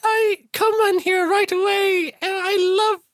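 A man voicing a young woman in a high falsetto, pleading slowly and dramatically. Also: level tone, a bit bright, no room sound, full character voice. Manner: slow, drawn-out pleading. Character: pleading young woman caught between suitors.

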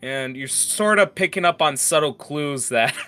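A man's voice: on the high side, lively intonation, a little slow, pushed and bright, soft background music. A man narrating a tabletop game as game master, in a casual way with many filler words.

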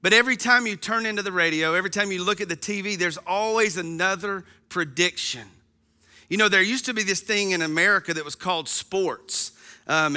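A man's voice: high voice, sharp tone, clean tone. A man in his thirties giving a casual, folksy sermon as a pastor to an online congregation, chatty with frequent ums.

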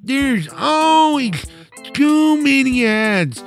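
A man's voice: extremely high pitch, sing-song, very slow, creaky, faint music behind, pitched above the performer's own voice, full character voice. Man putting on a whiny man-child. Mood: whiny mocking. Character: whiny man-child review writer, petulant.

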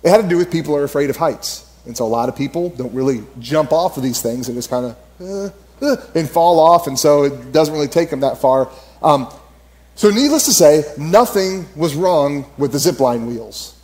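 A fairly high-voiced man speaking at church in a loose, storytelling way. He rambles, fills gaps with "uh" and "like," and breaks into laughter as he talks. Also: expressive, normal speed, a little mellow. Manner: rambling, laughs often, many fillers. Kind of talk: casual storytelling sermon.

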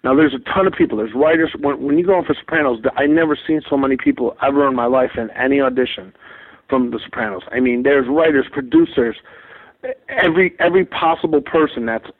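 A man on a phone call to a show, swearing freely as he tells his stories and acting out what everyone said in lively voices. His voice is mid-pitched and comes through thin and tinny over the line. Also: fast talker. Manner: animated and profane, acts out quoted dialogue. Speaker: comedian calling in as a guest. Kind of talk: casual anecdote telling.

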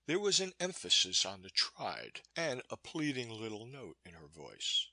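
A male audiobook narrator with a husky yet sharp, forceful tone. His pitch moves in lively arcs as he reads in a measured, expressive way. The recording is dry and close. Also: no room sound. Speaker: audiobook reader. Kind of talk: scripted narration of a classic novel.

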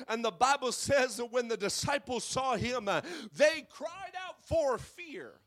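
A man preaching a sermon with frequent "uh" fillers, swinging between shouted, sing-song peaks and hushed stretches. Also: very high voice, lively intonation, a little slow, few pauses.

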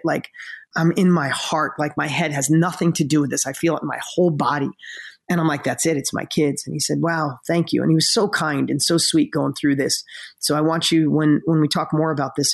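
A middle-aged man with a slightly raised, gravelly and husky voice tells a personal story on a podcast. He is earnest and openly emotional, near tears as he talks. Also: fairly high pitch. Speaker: podcast co-host.

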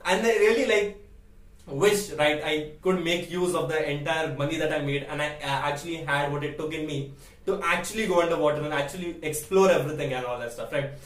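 A man's voice: a little high, brisk, reverberant, recorded from a distance. A young man in his late teens telling a story casually as a vlogger, chatty, laughing often and asking "right?" again and again.

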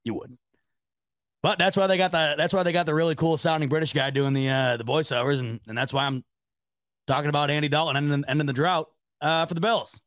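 A young man from the Rochester, New York area hosts a casual sports chat, reading the live chat as he goes. He rambles, stumbles over his words and swears without a second thought, in a slightly high voice. The room is dead dry, with no echo at all. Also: steady tone, fast talker, fairly bright tone. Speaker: sports podcast host.

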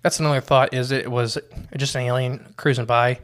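A man's voice: medium pitch, level tone, normal speed, fairly bright tone. A man co-hosting a casual podcast, reading quotes from his notes and often restarting his sentences. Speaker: podcast co-host.

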